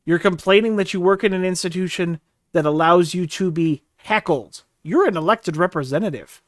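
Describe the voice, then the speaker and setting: A man's voice: high-pitched, moderate pace, no echo, studio quality. A man co-hosting a live podcast, reading news and adding wry commentary. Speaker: podcast co-host.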